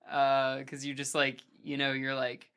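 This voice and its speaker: A man's voice: medium pitch, completely flat delivery, unhurried, bright, forceful tone, clear, resonant tone. A man chatting casually as a podcast guest, rambling and filling almost every phrase with "like". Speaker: podcast guest, hardcore vocalist. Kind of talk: casual conversation.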